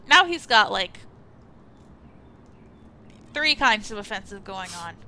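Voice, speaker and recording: Chatty young woman streamer, bright voice. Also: mid-range voice, big pitch swings, takes it slowly. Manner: rambling, hesitant, chatty. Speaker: let's play streamer. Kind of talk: casual gameplay commentary.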